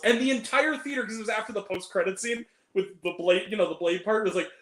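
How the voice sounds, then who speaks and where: A woman's voice: fairly high pitch, expressive, brisk. A woman co-hosting a casual chat, telling a story animatedly and laughing often. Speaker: podcast co-host. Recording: roomy echo.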